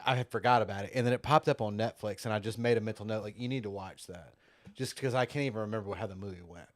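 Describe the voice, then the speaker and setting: A man's voice: lowish voice, very fast, dry recording, clean studio sound. A middle-aged man hosting a podcast in casual chat, rambling, swearing and laughing as he tells stories. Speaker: podcast host.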